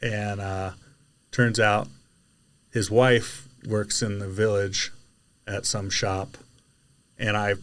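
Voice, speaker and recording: Lower-pitched man, chatty guest, lively storyteller who belts out quoted dialogue. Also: slow pace, pauses often, clear, resonant tone. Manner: animated storyteller, shouts out quoted lines. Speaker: podcast guest, delivery driver. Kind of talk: casual storytelling chat.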